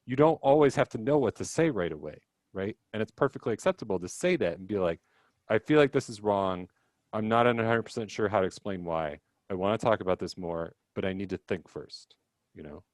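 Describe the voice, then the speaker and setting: A young man with a lowish voice talks casually on a video call, leading a teacher workshop. He rambles with fillers and acts out little bits of dialogue. The sound is dry and close. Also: a little mellow, dry recording. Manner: chatty, self-deprecating, many fillers and quoted dialogue.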